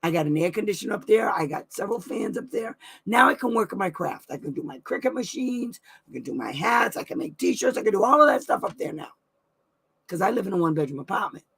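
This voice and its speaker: A woman's voice: medium pitch, expressive, quick pace, creaky, fairly bright tone, husky. A middle-aged woman hosting a weekly live advice stream from home, chatting effusively and laughing often. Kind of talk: casual live-stream chat.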